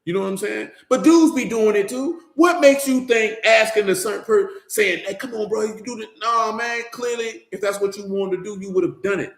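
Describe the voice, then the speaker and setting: A man's voice: high-pitched, normal speed, few pauses. A man giving an informal Bible teaching in a conversational, slangy way, speaking straight to his listeners. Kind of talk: informal sermon. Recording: roomy echo.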